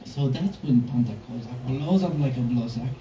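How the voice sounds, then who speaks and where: A man's voice: mid-range voice, moderate pace, mellow, slight background noise. A male storyteller performing a rhyming tale for an audience in a rhythmic, singsong delivery in a record store. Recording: roomy, distant, dull live recording.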